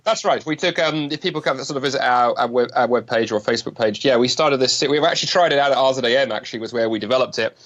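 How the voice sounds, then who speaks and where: A man from London with a British accent, talking as a guest on an interview show, quick and jokey with many restarts. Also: mid-range voice, muffled recording. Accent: British English. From London, England. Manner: fast, lively, joking, many restarts. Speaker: guest speaker. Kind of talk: podcast interview.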